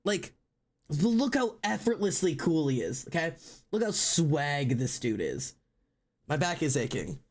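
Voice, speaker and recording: Slow-talking woman ranting in mock despair. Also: low voice, very animated, darkish tone. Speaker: streamer. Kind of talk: casual live-stream chat.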